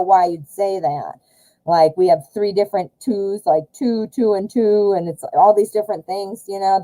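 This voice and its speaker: A woman's voice: medium pitch, warm tone, rough recording. An American woman hosting a casual live tarot stream, chatty with lots of fillers and self-corrections.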